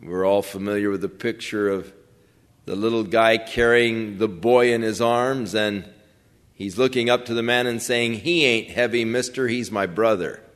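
An older man preaching a sermon in a slow, measured way, acting out the lines he quotes. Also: fairly low pitch, fairly even intonation, fairly bright tone. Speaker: pastor. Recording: long reverb of a large hall.

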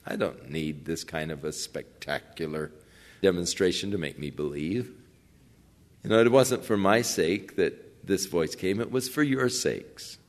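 Slow-talking guy preaching, quiet on the verses then gets louder making his point. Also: lowish voice, sing-song. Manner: quotes scripture softly, then rises in emphasis. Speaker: pastor. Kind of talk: sermon.

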